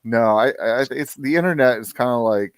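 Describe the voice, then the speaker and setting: A man in his forties co-hosting a live stream, laid-back and halting, laughing often. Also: mid-range voice, clean tone, dry recording. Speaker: podcast co-host. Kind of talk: casual live-stream chat.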